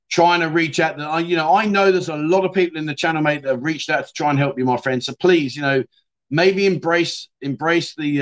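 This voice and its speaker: This livestream host is a middle-aged man from England with a Yorkshire accent and a mid-range voice. Chatting casually, he reads viewer comments aloud, uses "mate" and "my friend," and often drifts off softly at the end of his lines.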